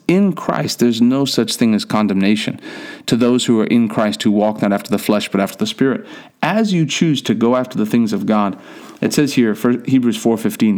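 A man preaching a sermon with passion, acting out prayers in quoted voices. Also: a little mellow. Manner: passionate, rises in pitch for emphasis.

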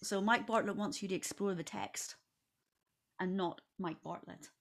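A woman's voice: medium pitch, normal speed, gravelly. Articulate female podcast guest with theatrical emphasis. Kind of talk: casual podcast discussion.

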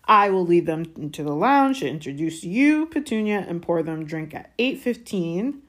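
A woman's voice: on the low side, sing-song, normal speed. A woman voicing a bullying middle-aged uncle who barks his orders nastily. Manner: loud, barking, nasty.

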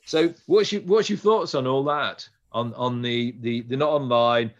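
A man's voice: medium pitch, a little slow, lo-fi sound. A man, hosting a casual podcast chat and rambling through restarts. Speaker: podcast host.

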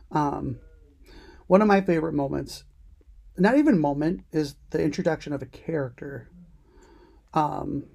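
Chatty podcast co-host who laughs a lot. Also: female voice, deep voice, creaky, darkish tone, husky. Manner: chatty, laughs often, many ums and restarts. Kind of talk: casual chat.

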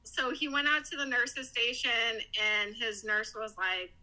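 A woman with a very bright, slightly high voice tells an emotional story as a podcast guest. She talks animatedly and acts out the people she quotes. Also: unhurried, rough recording. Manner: animated, quoting others in lively voices. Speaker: guest, mother.

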